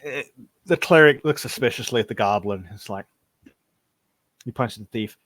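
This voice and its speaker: A man narrates a tabletop game as game master, tripping over and repeating his words. His voice sits at a middling pitch. It is recorded dry, with no room sound. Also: moderate pace, fairly bright tone, dry recording.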